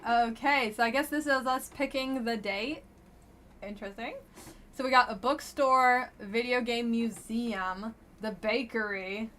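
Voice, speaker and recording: A woman's voice: fairly high pitch, a little slow, fairly bright tone. A woman streamer casually commenting on a dating game she plays live, with a blunt, wry and chatty manner.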